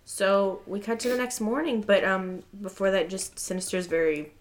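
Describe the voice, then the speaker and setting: A young woman trading banter as a podcast co-host. She talks loosely, with lots of "like" and easy laughs. Her pitch is in a middling range for a woman. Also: normal speed, a little hiss or hum, poor audio. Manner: playful, laughs, fills with "like". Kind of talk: casual recap chat.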